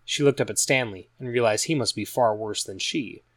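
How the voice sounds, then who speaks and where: A man reading a story aloud as a narrator, in an even, measured storytelling manner. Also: mid-range voice, no echo, clean studio sound. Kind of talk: scripted audiobook narration.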